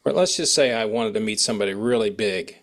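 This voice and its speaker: A man's voice: fairly low pitch, fast. A man hosting a casual interview, rambling and trailing off mid-sentence as he asks questions. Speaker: interviewer host.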